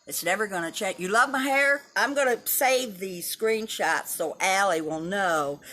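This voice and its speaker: A woman's voice: medium pitch, measured pace, a bit bright. A woman in her seventies from Texas, chatting casually with livestream viewers in a blunt, opinionated way and swearing freely. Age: 70s. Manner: blunt, opinionated and profane, talking straight to viewers. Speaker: livestream host. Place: at home and in her yard.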